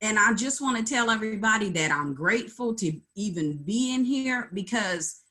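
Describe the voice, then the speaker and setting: A middle-aged woman on a video call, speaking in an earnest, tired, halting way. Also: medium pitch, animated, sharp tone. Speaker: call participant, artist. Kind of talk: candid group video call.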